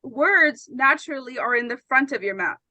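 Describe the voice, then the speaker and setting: A woman's voice: high-pitched, expressive, moderate pace, pushed and bright, dry recording, low-quality recording. A woman teaching an English pronunciation lesson, patient and often checking that her students understand.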